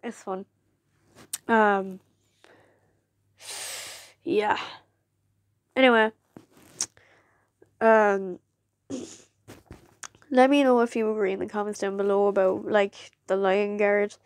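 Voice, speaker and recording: A woman's voice: mid-range voice, slow pace, pauses often, no room sound. A young woman chatting casually in a vlog, rambling with many "like"s. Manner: rambling, filled with "like", jumps into excited quoted voices. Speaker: vlogger. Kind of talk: casual chat to camera.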